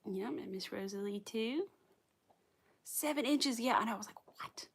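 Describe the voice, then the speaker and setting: Chatty Southern woman with a gravelly edge. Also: fairly high pitch, a little slow. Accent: light Southern US. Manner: chatty, rambling, laughs often. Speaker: crochet livestream host. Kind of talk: casual chat with live viewers.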